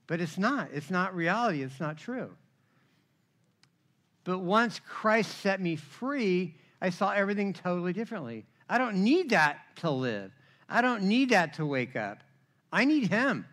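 A middle-aged man preaches from the pulpit with a high, bright voice. He tells his own story with animated energy, acting out the voices of others and checking in with "right?" as he goes. His tone is forceful and vivid throughout. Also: moderate pace. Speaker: pastor. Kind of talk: sermon with personal testimony.

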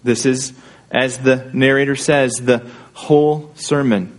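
A man's voice: medium pitch, fairly even intonation, slow. A man pastor preaching a sermon in an earnest, conversational way, often checking in with his listeners through rhetorical questions.

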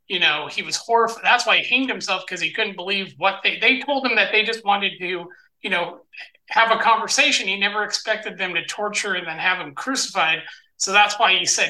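A man rambling through a story in a casual group discussion, full of restarts and asides. His voice is very bright and forward, and it sits in a roomy, echoing space. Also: high-pitched, a little fast, recorded from a distance. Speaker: participant in a Bible study discussion. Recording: roomy echo.

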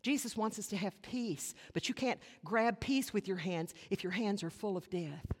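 A woman pastor delivering a sermon, earnest, with rhetorical questions and dramatic pauses. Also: medium pitch, slightly rough. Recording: long hall reverb.

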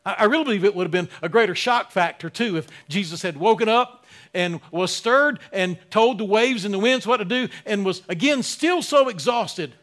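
Bright-voiced, high-pitched preaching man. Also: animated, normal speed. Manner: swings between loud emphatic preaching and quiet intimate talk; repeats words and restarts mid-phrase. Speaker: pastor. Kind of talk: sermon.

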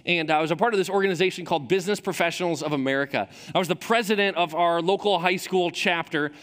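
A Michigan pastor with a high voice and a fairly bright tone talks fast as he preaches a sermon. He tells a story with self-deprecating humor, and the large church auditorium gives the recording a long, hall-like reverb.

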